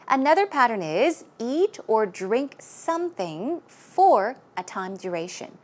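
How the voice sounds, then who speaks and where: A woman's voice: a little high, sing-song, measured pace, hardly any pauses. A woman teaching English vocabulary, patiently repeating words so learners can practise pronunciation. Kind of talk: explaining vocabulary in a lesson.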